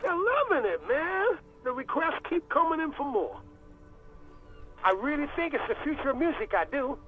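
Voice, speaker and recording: A man's voice: very high-pitched, very animated, normal speed, soft background music. An actor playing a laid-back, crude male radio DJ who talks in drawling slang, heard through a phone line in a video game. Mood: stoked. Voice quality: drawling slangy talk, heavy swearing.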